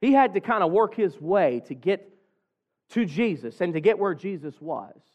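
A man's voice: high voice, sing-song, normal speed, darkish tone. A man preaching an earnest evening sermon to his church, with raised, pleading stretches. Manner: earnest, building to raised pleas.

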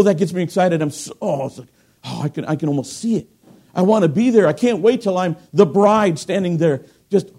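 A middle-aged man delivers a sermon in a fairly high voice that still sounds mellow and dark in tone. He swings between loud, emphatic bursts and low, hushed asides. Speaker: preacher.

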